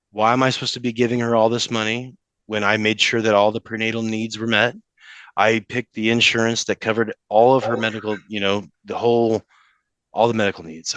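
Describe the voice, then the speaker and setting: A man's voice: fairly low pitch, fairly bright tone, dry recording. Emotional man in a dry room. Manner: emotional, halting, with many restarts. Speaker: podcast guest, father in custody case. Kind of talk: casual interview talk.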